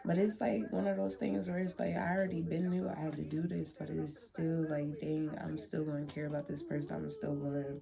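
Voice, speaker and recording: Young woman vlogging from her room, gravelly and kinda dark-toned, heartfelt and rambly. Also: sits low, little pitch movement, fairly quick, few pauses. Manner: heartfelt, chatty, repeats herself. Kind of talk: emotional casual vlog to camera.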